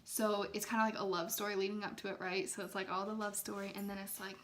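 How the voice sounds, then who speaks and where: Young woman, mid pitch, loose casual chat, lots of "like", soft whispers now and then. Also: level tone, fast, a little hiss or hum. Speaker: ASMR creator talking to viewers. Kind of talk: casual chat, retelling a film.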